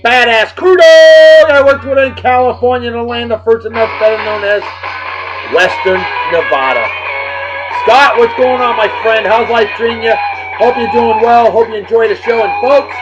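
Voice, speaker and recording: A man hosting a casual video show, giving rowdy, jokey shout-outs that swing between loud bursts and low asides. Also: normal speed. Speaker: host of a daily beer and music video show. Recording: dull lo-fi video with music underneath.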